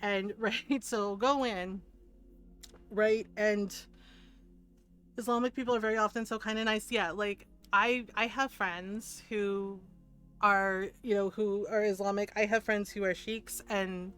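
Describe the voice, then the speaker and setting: A woman's voice: mid-range voice, steady tone, unhurried, fairly bright tone, smooth, soft background music. A woman streamer chatting casually while she plays, rambling and earnest, with laughs between phrases. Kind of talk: casual chat while gaming.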